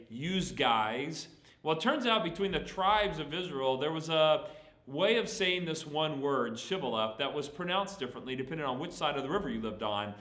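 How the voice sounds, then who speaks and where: A man's voice: medium pitch, bright, forceful tone, roomy sound. A man with a Southern accent from Texas, a pastor answering questions in a folksy, plainspoken way with frequent fillers. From Texas, USA. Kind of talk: sermon Q&A.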